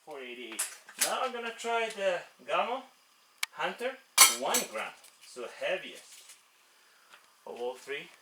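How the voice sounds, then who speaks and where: A man gives casual commentary while test shooting, calling out readings in short clipped bursts. His pitch moves around a lot. The recording is roomy and echoey, with clear noise behind him. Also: sing-song, slow, long pauses. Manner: reads out velocity numbers in short bursts. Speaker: air rifle reviewer.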